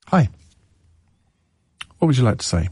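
A man's voice: mid-range voice, big pitch swings, measured pace, a little mellow, husky, no room sound, clean studio sound. A man hosting a radio phone-in, chatting casually with callers and stumbling over his words with frequent restarts and fillers. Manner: hesitant, many restarts and fillers. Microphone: studio microphone.

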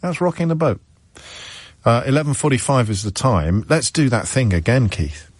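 A man's voice: medium pitch, expressive, normal speed, a little hiss or hum. A man hosting a talk radio show, giving sardonic, emphatic commentary from a studio mic. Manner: sardonic, emphatic, reads quotes aloud. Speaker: radio phone-in host. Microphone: close studio mic.

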